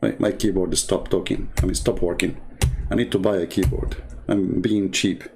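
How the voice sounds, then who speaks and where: A man's voice: deep voice, fairly even intonation, normal speed, background noise. A man with an Arabic accent, a native Arabic speaker, hosting and telling a mocking story in a rambling, sarcastic way, full of fillers. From Arab world. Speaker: host, Christian apologist.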